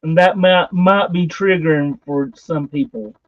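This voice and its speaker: High-voiced rambling man hosting a stream. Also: measured pace, dry recording, highs cut off. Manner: hesitant, rambling with fillers. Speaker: livestream host. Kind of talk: casual chat.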